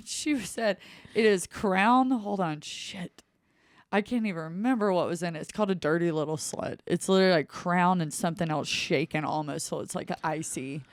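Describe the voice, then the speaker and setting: A woman, a bartender chatting on a podcast and chiming in with quick jokes. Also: fairly low pitch, no room sound, studio quality. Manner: chimes in with quick jokes and laughs. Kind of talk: casual chat.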